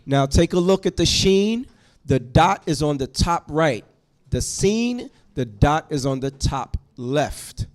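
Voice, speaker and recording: A man teaching a Hebrew class to students in a classroom, going through the alphabet letter by letter in a slow, patient way. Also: on the high side, animated, darkish tone.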